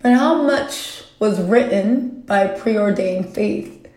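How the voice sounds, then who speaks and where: A woman's voice: medium pitch, slow, dark tone, echoey room. A woman vlogger telling a personal story in a reflective, questioning way, swearing casually now and then.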